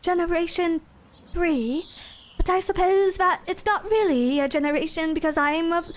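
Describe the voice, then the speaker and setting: Lady doing a posh brit girl voice, all stiff and proper, high pitched, put-on british accent. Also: normal speed, slight background noise. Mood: prim. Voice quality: prim, overly formal. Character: prim posh young British woman introducing herself.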